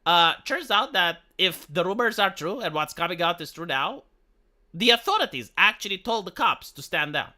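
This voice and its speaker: Man, from Romania, live-stream rant, swearing, indignant, very sharp bright tone. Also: high-pitched, big pitch swings, normal speed. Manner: profane, indignant, heated; stumbling restarts. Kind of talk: ranting commentary on a live stream.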